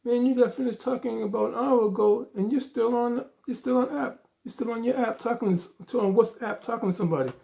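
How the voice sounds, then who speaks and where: A man doing a high, jealous young woman. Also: brisk, creaky, hardly any pauses, dark tone. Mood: accusing. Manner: pleading and accusing, raised voice. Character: dramatic young woman, jealous, accusing girlfriend.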